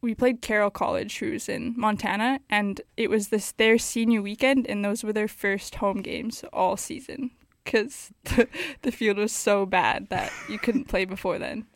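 A woman co-hosting a campus sports show, chatting in a relaxed way and adding insider details. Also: mid-range voice, unhurried, dry recording. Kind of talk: casual sports chat.

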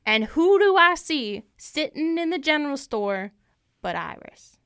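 A woman's voice: high voice, very animated, a little slow, fairly bright tone, no echo, clean studio sound, full character voice. A woman improvising a proud, heartbroken male lone cowboy rancher, telling his tale in a folksy way and repeating phrases for emphasis. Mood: indignant folksy. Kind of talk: improvised comic storytelling.

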